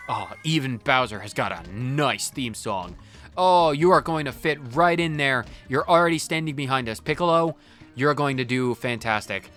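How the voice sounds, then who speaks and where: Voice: mid-range voice, moderate pace, fairly bright tone. A let's play host giving playful, goofy commentary while playing a video game. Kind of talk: casual gameplay commentary. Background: faint game music.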